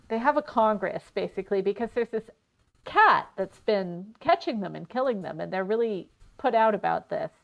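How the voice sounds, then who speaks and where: A woman co-hosting a podcast, telling stories in a chatty, animated way with many fillers. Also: mid-range voice, vocal fry, muffled recording. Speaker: podcast co-host. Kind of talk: casual scholarly chat.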